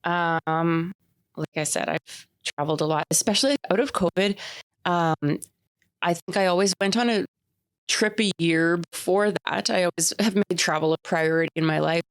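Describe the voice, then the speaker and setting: Canadian woman in her 30s chatting on a podcast, lowish voice, dry close sound, laughs a lot. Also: moderate pace, dry recording. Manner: chatty storyteller, laughs often. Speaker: podcast co-host. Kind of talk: casual chat.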